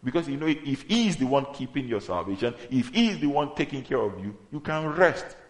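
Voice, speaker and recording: An emphatic man preaches a sermon. He drives his points home and builds to loud exhortation. The room around him is echoey. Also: medium pitch, animated, brisk.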